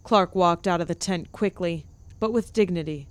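A woman narrating a comedic story in a deadpan, mock-grand delivery. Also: lowish voice, normal speed, clean tone.

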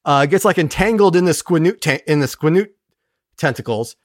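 Animated, sarcastic podcast recapper. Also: medium pitch, moderate pace, dry recording, studio quality. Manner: animated, sarcastic, swears, mimics characters. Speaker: podcast host summarizing an episode. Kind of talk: casual comedic recap.

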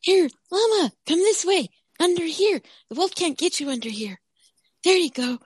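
A woman voicing a small, helpful mouse who talks quickly and fussily, heard distantly over a phone line. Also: very high-pitched, expressive, dry recording.

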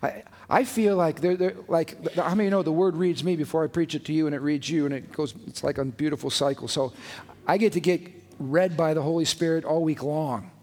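A man's voice: a little high, steady tone, brisk, darkish tone. A male pastor preaching a sermon with emphatic, conversational delivery and frequent rhetorical questions. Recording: long hall reverb, faint music behind.

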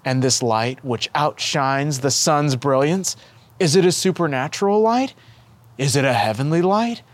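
A humble old priest, hushed with wonder and full of questions, as a man reads him in a spoken storybook. His voice climbs high and lively as he asks, timid and amazed. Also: measured pace, no room sound. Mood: awed.

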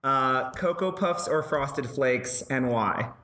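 A man interviewing a guest, playful and halting, restarting his questions as he goes. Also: medium pitch, a crowd in the background. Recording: roomy echo.

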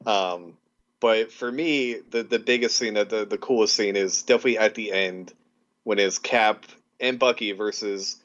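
A man's voice: on the low side, moderate pace, fairly bright tone. A young man co-hosting a casual podcast, enthusiastic and rambling as he retells favorite scenes. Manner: enthusiastic, rambling with fillers and restarts. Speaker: podcast co-host. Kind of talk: casual chat. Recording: slightly dull lo-fi mic.

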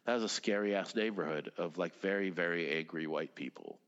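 A man in his fifties, a native Russian speaker, rambles casually as an interview guest, full of fillers, restarts and swearing. His low voice is brisk and a bit bright, with a long reverb tail and lo-fi sound.

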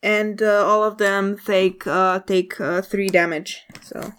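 Woman game master, halting casual narration of a tabletop game. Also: mid-range voice, steady tone, fairly bright tone, clean tone. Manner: hesitant, many fillers and restarts while narrating.

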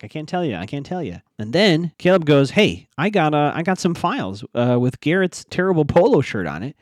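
A man casually recapping a TV episode as a podcast host, acting out the characters' lines in quick voices. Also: mid-range voice, darkish tone, dry recording, studio quality.

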